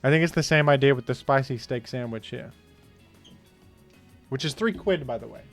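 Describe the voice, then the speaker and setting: A man streaming a food guessing game, talking casually with animated, incredulous outbursts. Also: medium pitch, normal speed, soft background music. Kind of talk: casual gaming commentary.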